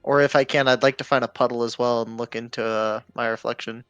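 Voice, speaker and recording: Male tabletop player, smooth resonant voice, dry close sound, faint music behind. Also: mid-range voice, fairly even intonation, quick pace, a bit bright, no room sound, muffled recording. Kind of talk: playing a tabletop game.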